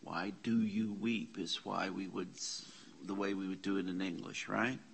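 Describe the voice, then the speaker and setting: A man's voice: deep voice, level tone, moderate pace, creaky, fairly bright tone, breathy edge. A man teaching a classroom lesson on Bible Greek in a church classroom, patiently spelling out letters and parsing words aloud.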